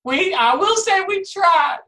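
A woman voicing a mournful Sicilian wife, talking in a halting way. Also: very high voice, animated, pushed and bright, far from the mic, exaggerated voice. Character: Sicilian wife of a video game character, mournful.

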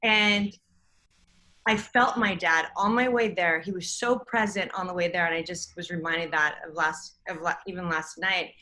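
A middle-aged woman with a bright, clear voice tells a story in casual podcast chat. Her telling is emotional and rambling, and she circles back over her own words. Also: lowish voice, fairly even intonation, moderate pace, rough recording.

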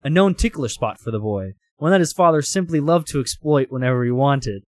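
A man's voice: medium pitch, lively intonation, brisk, dry recording, clean studio sound. A man hosting a comedy show, reading a story aloud with laughs between lines.

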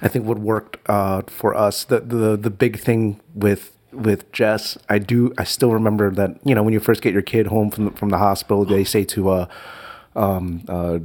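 A man's voice: on the low side, level tone, normal speed, darkish tone. A man chatting casually as a father, rambling with many restarts and little laughs. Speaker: father of a young child. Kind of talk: casual chat.

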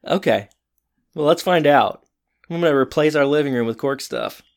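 A man co-hosting a podcast, recapping a TV episode in a rambling, halting, self-correcting way. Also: fairly high pitch, creaky. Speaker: podcast co-host. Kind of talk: casual TV episode recap chat.

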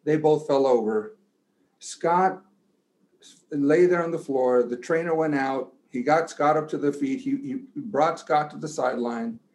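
A man gives a coach-style pep talk, his slightly high voice climbing into shouts. He mixes rallying lines with a long story from his playing days. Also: unhurried. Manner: builds to shouting, then tells a story quietly. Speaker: guest giving a pep talk. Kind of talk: motivational speech and storytelling.

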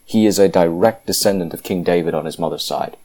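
A man with a very deep, low voice delivers fervent Bible commentary. He hammers his points home emphatically and often restarts his sentences. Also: fast talker, warm tone. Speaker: Christian commentator.

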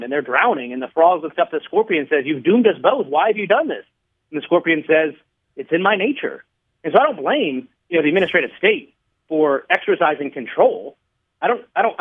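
A man being interviewed on a radio show, laying out his points in a measured, explanatory way and sometimes telling a fable to make them. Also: on the high side. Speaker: radio guest, regulatory commissioner. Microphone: phone line. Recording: tinny phone line.

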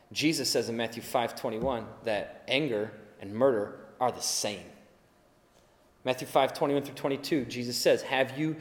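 A man's voice: medium pitch, reverberant, big-room sound. A man preaching a sermon in a conversational way, acting out quoted voices now and then.

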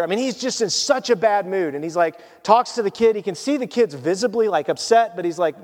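A man preaching a sermon as pastor, conversational and storytelling, dropping to hushed tones at emotional moments. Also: high-pitched, expressive, brisk, hardly any pauses. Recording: long church hall reverb.

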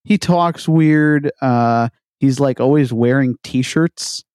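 A man's voice: medium pitch, slow, darkish tone, clear, resonant tone, no echo, studio quality. A man co-hosting a casual chat podcast, rambling and profane with lots of hesitation. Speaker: podcast co-host.

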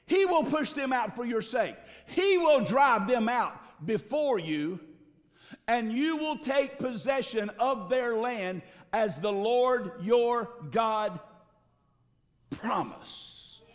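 High-voiced pastor preaching in a reverberant hall. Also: male voice, lively intonation, takes it slowly. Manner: emphatic, calls for congregation response. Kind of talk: sermon. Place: church sanctuary.

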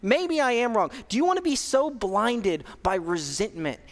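High-voiced casual preacher in a reverberant hall. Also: male voice, sing-song, moderate pace. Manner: casual, joking preacher to a young audience. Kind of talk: sermon.

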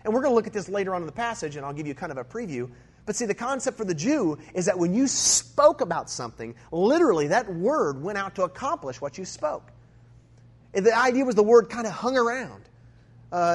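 A man preaching a sermon in a conversational way, moving between emphatic points and quieter asides. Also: high-pitched, breathy edge.

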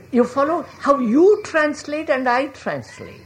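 A woman's voice: high-pitched, animated, a little slow, few pauses, a little hiss or hum. A woman giving a reflective public talk, asking questions and often checking whether listeners follow, calling them sir. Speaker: public speaker.

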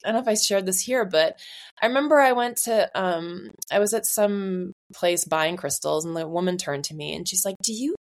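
A woman's voice: lowish voice, moderate pace. A woman in her forties co-hosting a podcast, talking in a rambling, reflective way with many fillers. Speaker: podcast co-host. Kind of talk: casual conversation.

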